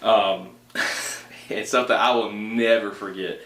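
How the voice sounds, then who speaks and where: Young man, podcast host, casual storytelling, animated, echoey room. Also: on the low side, a little slow. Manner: animated, laughs often, frequent fillers.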